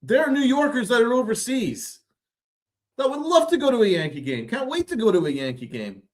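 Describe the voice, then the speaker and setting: A man's voice: extremely high pitch, very animated, brisk, darkish tone. A man hosting a sports podcast, ranting with sarcastic, exasperated, profane commentary. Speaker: podcast host.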